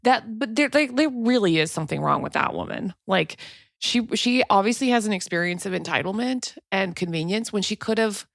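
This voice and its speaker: A woman's voice: mid-range voice, animated, fairly quick, gravelly, no echo, studio quality. A woman guest on a podcast, chatting in a thoughtful, wry way. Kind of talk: casual podcast chat.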